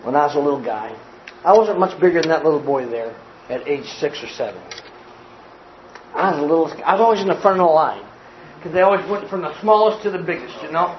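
High-voiced, folksy storytelling preacher. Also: male voice, quick pace, muffled recording, a little hiss or hum. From grew up poor in a small family. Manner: animated, folksy storyteller who acts out scenes. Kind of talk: storytelling sermon.

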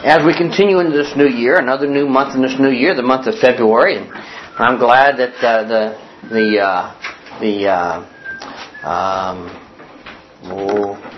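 Male pastor, mid-pitch, teaching sermon, deliberate repetitions, slightly dull recording with faint hiss. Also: steady tone. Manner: repeats key definitions slowly for emphasis; reads scripture aloud with pauses for note-taking. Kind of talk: sermon with opening prayer.

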